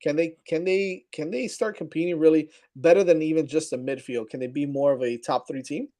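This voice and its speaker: A man's voice: on the high side, fairly even intonation, fairly quick, warm tone. A man hosting a casual motorsport podcast, rambling with lots of fillers and laughing along with his co-hosts. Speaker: podcast host. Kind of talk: casual sports chat.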